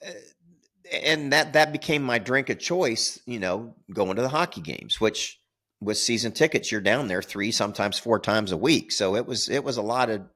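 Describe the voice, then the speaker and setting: Older male podcast co-host, low voice, rambling anecdotal storyteller who chuckles at himself. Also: lively intonation, moderate pace, sharp tone. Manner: rambling, repeats words, laughs at own stories. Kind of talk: casual storytelling.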